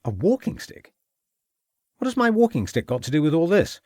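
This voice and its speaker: A man's voice: a little high, big pitch swings, normal speed, warm tone, no echo, studio quality, pitched above the performer's own voice. A man reading an audiobook, voicing a nervous, defensive middle-aged male suspect who protests and evades. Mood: bewildered. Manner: agitated, protesting, evasive.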